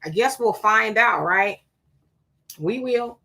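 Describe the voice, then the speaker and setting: Animated yet slow-paced, this woman's medium-pitched voice is gravelly, bright, and forceful. She hosts a casual livestream while sweating, naming viewers as she greets them and reacting to their comments with asides and rhetorical questions.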